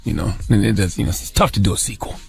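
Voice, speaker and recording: A man's voice: lowish voice, fast talker, creaky, darkish tone. A man co-hosting a radio show, chatting casually. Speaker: radio co-host. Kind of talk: casual chat.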